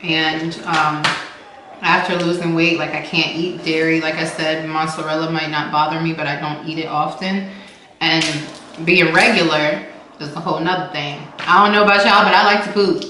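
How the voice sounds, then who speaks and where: A woman's voice: sits low, fairly even intonation, moderate pace. A woman host chatting casually and playfully while eating, with features, recorded on a camera mic from far away. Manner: laid-back, chatty, playful. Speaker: vlogger host. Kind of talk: casual mukbang chat. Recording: echoey room, camera far away, noisy.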